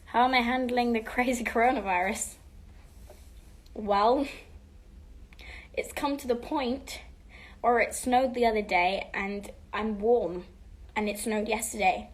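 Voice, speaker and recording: A teenage girl answering fan questions on a home livestream, chatting casually and switching between English and Spanish, sometimes dropping to a soft half-whisper. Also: on the high side, a little slow, pauses often. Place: home room.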